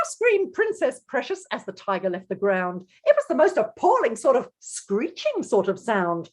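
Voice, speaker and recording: A woman's voice: on the high side, wildly swooping pitch, moderate pace, hardly any pauses, a bit bright. A woman author reading her picture book aloud to children, theatrical and addressing the young listeners directly.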